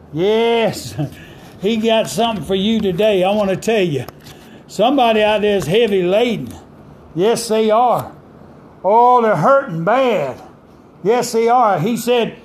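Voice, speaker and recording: High-voiced fervent male preacher. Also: animated, slight background noise. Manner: fervent, call-and-response preaching; dramatic pauses and emphatic quoting of scripture. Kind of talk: sermon.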